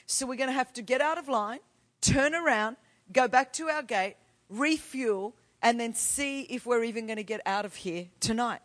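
A woman voicing a calm male airline captain making a measured, matter-of-fact announcement to passengers. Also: on the high side, big-room sound, close to an everyday voice.

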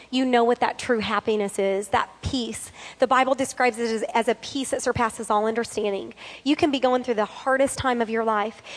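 Earnest woman preaching in a reverberant hall. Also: on the high side. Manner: earnest, reads scripture slowly, repeats for emphasis. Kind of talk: sermon.

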